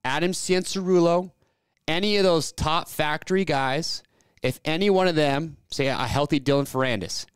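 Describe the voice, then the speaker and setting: A man's voice: a little high, normal speed, clean tone, dry recording. A man co-hosting a fantasy racing show, chatting casually and arguing his opinions at length, often restarting his sentences. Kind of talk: casual sports chat.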